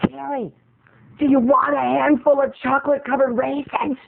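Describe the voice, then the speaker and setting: A man voicing a loud, chatty middle-aged mother who talks through a movie in a fussy sing-song way. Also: very high voice, little pitch movement, moderate pace, vocal fry, slight background noise, pitched above the performer's own voice, heavily acted. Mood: nagging. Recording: tinny phone-like lo-fi sound.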